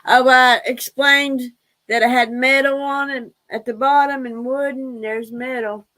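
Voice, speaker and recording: A woman's voice: high-pitched, steady tone, measured pace, fairly bright tone, rough recording. A woman hosting a casual livestream, chatty, laughing often and fondly scolding her pets. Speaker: livestream host.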